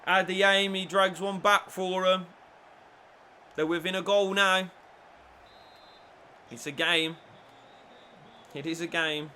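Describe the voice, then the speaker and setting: A man commentating on his own football video game play, shifting between low muttering and shouted excitement. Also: slow pace, long pauses, slight background noise. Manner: lively, swings from low mutters to shouted celebrations. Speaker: gaming YouTuber.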